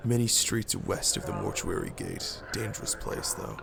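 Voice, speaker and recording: A man's voice: fairly low pitch, huge pitch swings, normal speed, vocal fry, a crowd in the background, exaggerated voice. A man reading aloud the lines of a blunt woman initiate in a game, with folksy turns of phrase. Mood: wary. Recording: game music behind.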